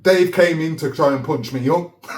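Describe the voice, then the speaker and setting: A man telling a story in a casual, animated way, laughing often and checking in with "yeah?". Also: a little high, a little slow. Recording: roomy echo.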